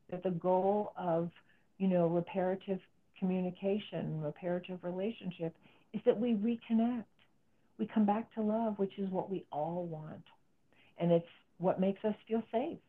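A middle-aged woman psychotherapist explaining as an interview guest, earnest and explanatory. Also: mid-range voice. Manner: earnest, explanatory, acts out quoted speech. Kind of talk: interview conversation. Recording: phone-like narrow sound.

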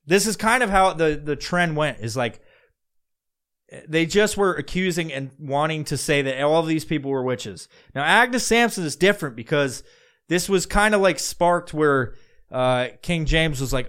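A man's voice: on the high side, moderate pace, a bit bright, smooth. A man hosting a podcast, telling history in a profane, rambling, joking way. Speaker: podcast host. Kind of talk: casual storytelling.

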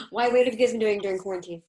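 A woman guest in a casual podcast chat, animated and gushing in quick bursts. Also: fairly high pitch.

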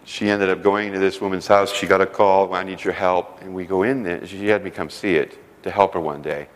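A middle-aged man preaching a sermon with stories, shifting between loud emphasis and hushed, slowed phrases. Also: deep voice, fairly even intonation. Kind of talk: sermon storytelling. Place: church sanctuary. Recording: long reverb of a large hall.

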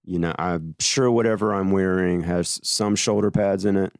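Male podcast host, playful and bantering, lower voice, dry close recording. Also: steady tone, normal speed, no echo. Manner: playful, role-plays a studio mogul. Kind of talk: casual chat about films.

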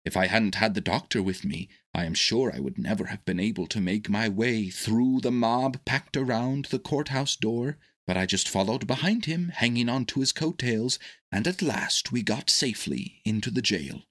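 A man reads a classic storybook aloud in a steady, expressive way. His voice is low and husky, and his pitch rises and falls widely as he tells the story. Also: moderate pace. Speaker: storybook narrator. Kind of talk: scripted storybook narration.

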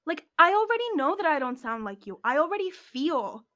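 Young woman podcaster, blunt, swears a bit, bright high voice. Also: fairly quick. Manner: animated, blunt, swears when annoyed. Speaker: podcast co-host. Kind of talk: casual chat.

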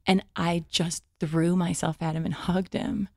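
Gravelly-voiced woman telling a story. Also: on the low side, no echo, studio quality. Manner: lively, acts out what others said in quick quoted voices; frequent fillers and false starts. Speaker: guest comedian. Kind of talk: casual storytelling.

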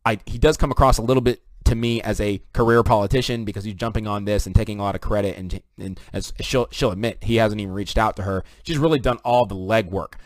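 Brief: male vlog commentator, rapid-fire chatty delivery, dry close sound. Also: on the low side, steady tone, dry recording. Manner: rapid, conversational, addresses viewers directly. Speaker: online commentator.

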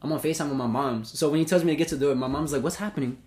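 A young man, hosting a podcast and telling a story in a profane, animated way with acted-out quotes. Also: fairly high pitch, very fast. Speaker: podcast host. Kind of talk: casual storytelling.

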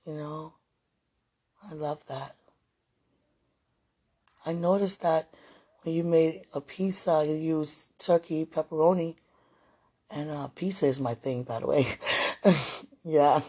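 Soft-spoken woman with a dark, smooth voice. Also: low voice, slow, long pauses. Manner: rambling and affectionate, with frequent religious talk; soft-spoken, drifting into near-whispers. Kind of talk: casual emotional monologue to a viewer.

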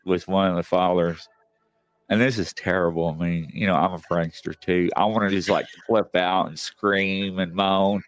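A man's voice: low-pitched, steady tone, normal speed, no room sound. A man hosting a show and telling a long, chatty story, with many fillers along the way. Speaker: host. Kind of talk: casual storytelling.

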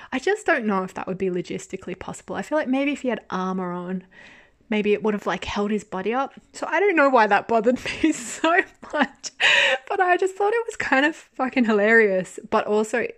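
A young woman hosting a podcast, chatting casually and animatedly about a drama, laughing often and swearing now and then. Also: medium pitch. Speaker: podcast host. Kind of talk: casual drama review monologue.

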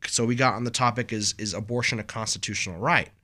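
A man's voice: on the low side, fairly even intonation, quick pace, sharp tone. A young man co-hosting a podcast, telling stories in a loose, rambling way and calling his friend bro. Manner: rambling storyteller, lots of "like" and "bro". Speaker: podcast co-host. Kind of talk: casual podcast chat.

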